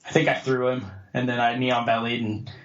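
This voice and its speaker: An American man, a jiu-jitsu black belt appearing as a podcast guest, tells a story casually and raises his voice to act out other people's lines. His voice is mid-range, monotone, fairly quick, and fairly bright. The podcast audio sounds roomy and slightly dull.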